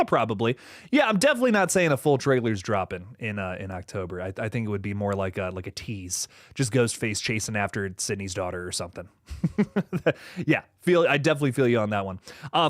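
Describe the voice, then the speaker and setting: A livestream host reads viewer comments in a casual, animated ramble, swearing freely and laughing often. His voice is medium-pitched, and the studio-quality recording has no echo.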